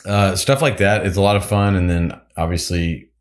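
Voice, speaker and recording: Male guest, low bass voice, loose rambling storyteller, laughs a lot. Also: fairly even intonation, moderate pace. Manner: rambling, restarts, laughs often. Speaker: musician and pilot guest. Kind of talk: casual storytelling interview.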